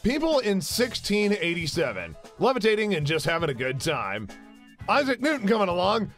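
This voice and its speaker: A young man casually riffing on memes in a jokey, animated way. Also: high voice, normal speed, soft background music. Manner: jokey, animated, slips into silly voices. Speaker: meme commentary host. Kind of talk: casual meme commentary.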